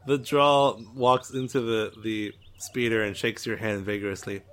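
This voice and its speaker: A man narrating as game master of a tabletop role-playing podcast, relaxed and joking with his brother. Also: lowish voice, normal speed.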